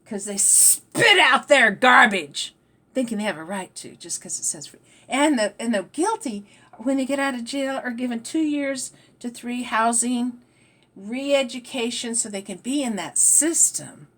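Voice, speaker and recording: A woman's voice: on the high side, lively intonation, unhurried, sharp tone. A woman vlogger talking in a rambling, emphatic monologue that trails off and restarts. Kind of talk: rambling spiritual-political monologue.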